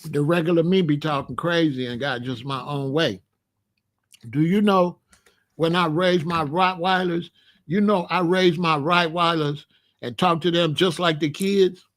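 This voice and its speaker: A man in his sixties telling stories in a casual, animated way, full of street slang and "you know what I'm saying.". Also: a little high, a little slow. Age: 60s. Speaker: channel host. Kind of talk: casual storytelling monologue.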